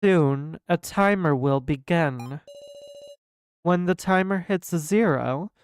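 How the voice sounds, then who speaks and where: Woman reading a flat, mocking villain host in a game, slow and deadpan. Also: a little hiss or hum. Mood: taunting. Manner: mocking, smug, low and drawn-out. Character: cold expressionless masked male game master. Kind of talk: reading game dialogue aloud.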